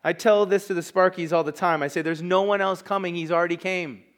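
A man's voice: high voice, fairly even intonation, a little fast. A man preaching a sermon as pastor, emphatic and conversational, with asides to the congregation.

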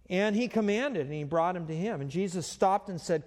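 A man's voice: on the high side, expressive, fairly quick, few pauses, a little mellow. A man preaching a sermon as pastor, talking in a conversational way with frequent fillers and restarts. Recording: long reverb of a hall.

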